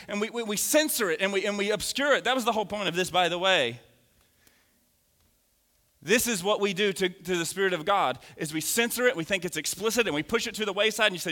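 A man in his thirties delivers an animated sermon, joking with his congregation. His voice is bright and sits a little high. It rings out with a long reverb through the church sanctuary. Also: fast. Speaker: preacher. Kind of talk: lively sermon.

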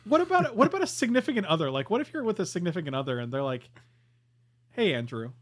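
Animated man on a podcast. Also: high voice, racing. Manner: animated, emphatic. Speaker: podcast co-host. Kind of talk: casual chat.

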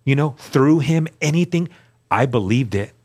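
A man, a guest on the show, telling his personal testimony in an earnest, emphatic way, dropping to a hushed voice at key moments. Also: mid-range voice, lively intonation, normal speed.

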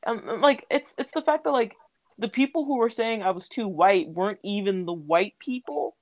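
A young adult woman co-hosts a casual podcast chat, her medium-pitched, darkish voice animated and at a moderate pace with no echo. She laughs often and uses lots of fillers.

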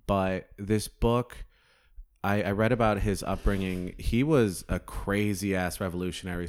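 Low smooth-voiced man rambling casually. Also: a little mellow. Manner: rambling storyteller, swears casually. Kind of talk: casual chat.

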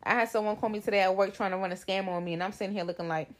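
A woman's voice: medium pitch, steady tone, very fast. Blunt, swearing podcast co-host woman. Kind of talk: casual chat.

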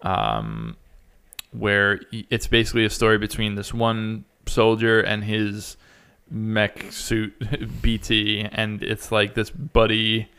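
Male podcast co-host, low gravelly voice, bright and clear, loose chatty delivery. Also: slow pace. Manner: loose, chatty, many fillers. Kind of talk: casual gaming podcast chat.

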